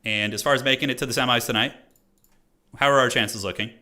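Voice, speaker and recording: A man's voice: medium pitch, fairly even intonation, fast talker, sharp tone. A man streaming a tournament game, talking viewers through his moves in a casual, self-critical way, thinking aloud with lots of fillers. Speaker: streamer playing a competitive strategy tournament. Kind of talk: live game commentary to viewers.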